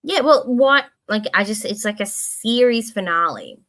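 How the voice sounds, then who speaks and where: A woman hosting a casual livestream, rambling and expressive, swearing casually and reading chat comments aloud. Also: a little high, measured pace, hardly any pauses. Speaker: livestream host.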